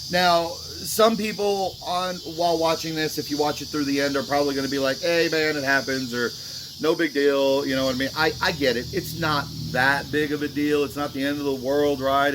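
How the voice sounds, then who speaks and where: A man's voice: medium pitch, a bit bright, slight background noise. A man vlogging about a mistake at a dice table, talking in a remorseful, rambling way full of fillers. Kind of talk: casual talk to camera.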